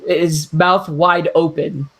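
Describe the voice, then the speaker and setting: A man's voice: a little high, steady tone, slow, fairly bright tone, husky. A man co-hosting a casual podcast, reading a story aloud and laughing often between lines. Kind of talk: casual chat.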